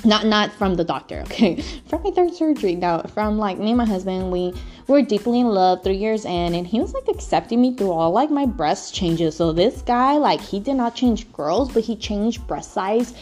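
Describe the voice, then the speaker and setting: A young woman tells her own story to camera in loose, candid chat, drifting off on tangents and swearing freely. Her pitch sits in a typical middle range, with soft music faintly behind her. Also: animated, moderate pace. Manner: rambling, candid, swears often. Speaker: vlogger. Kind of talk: casual storytelling.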